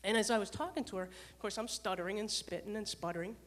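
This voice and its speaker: A woman giving a motivational talk to an audience and telling a story from her dispatcher days in a lively way. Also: medium pitch, fast talker. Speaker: speaker, former dispatcher and leadership coach.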